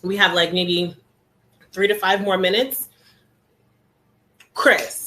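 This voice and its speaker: A woman hosting a hair care class on a live stream, chatting casually and greeting each viewer by name with relaxed slang, speaking from an indoor room. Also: mid-range voice, takes it slowly, pauses often, rough recording. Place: indoor room with air conditioning.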